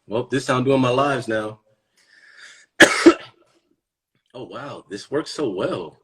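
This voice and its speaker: Husky, playful man on a phone livestream. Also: medium pitch, takes it slowly, pushed and bright. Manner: joking, playful, jumps into silly voices. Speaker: livestream host. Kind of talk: casual livestream chat.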